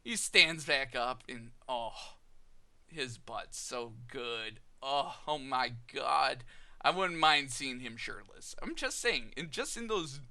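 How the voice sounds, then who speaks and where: A man's voice: mid-range voice, lively intonation, slow pace, vocal fry, bright, forceful tone. A young man casually telling a personal story on his vlog, candid and chatty, often laughing and acting out both sides of remembered conversations. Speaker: vlogger.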